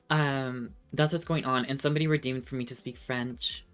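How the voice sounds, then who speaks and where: A young adult woman streamer chatting casually with viewers, self-deprecating and halting when she tries French. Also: extremely low pitch, smooth, soft background music. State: slightly under the weather.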